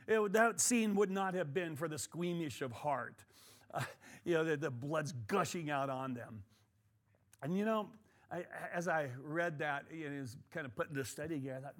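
Animated man teaching a Bible study. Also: on the high side, moderate pace. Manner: conversational and animated, many fillers and repeated words.

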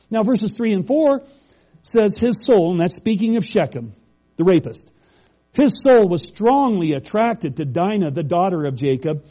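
A man's voice: high voice, warm tone. A middle-aged male pastor preaching a conversational sermon, reading scripture aloud and explaining it plainly.

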